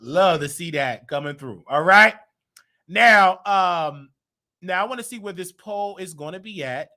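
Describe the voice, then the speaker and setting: An American man hosting a livestream commentary show, chatting with viewers and clearing his throat often. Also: sits high, expressive, a little slow, pushed and bright, raised voice. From United States. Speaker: show host. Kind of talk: livestream commentary talking to the chat.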